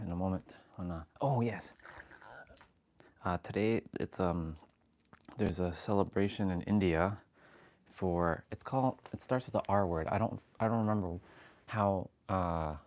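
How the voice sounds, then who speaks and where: A fitness livestream host counts his reps out loud while chatting warmly with viewers, greeting them as "brother." His voice is low with a darkish tone.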